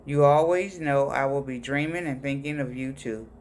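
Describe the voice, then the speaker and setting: A man's voice: mid-range voice, moderate pace, darkish tone, a little hiss or hum. Man reading personal letters aloud. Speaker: reader of letters.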